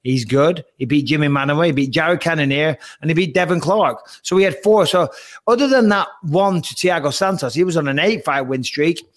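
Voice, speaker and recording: A man in casual podcast chat, breaking down a fight in an animated, emphatic way and swearing freely. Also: on the high side, brisk.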